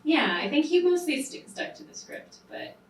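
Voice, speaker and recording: A woman's voice: high-pitched, big pitch swings, moderate pace, slight background noise. A woman film director speaking casually at a panel Q&A, with many fillers. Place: private screening venue. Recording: roomy hall, far from mic.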